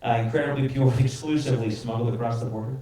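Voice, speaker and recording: A man's voice: mid-range voice, steady tone, quick pace, recorded from a distance, background noise. A man from Dallas doing a crude stand-up set and laughing at his own jokes. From Dallas, Texas. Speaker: stand-up comedian. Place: comedy club stage before a live audience. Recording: echoey club mic with crowd laughter. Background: audience laughter.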